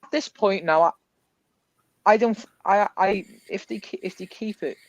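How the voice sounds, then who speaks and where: A man's voice: sits high, normal speed, poor audio. Stammering male football pundit. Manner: stammering, many repeated starts. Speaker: panelist. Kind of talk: casual football panel chat.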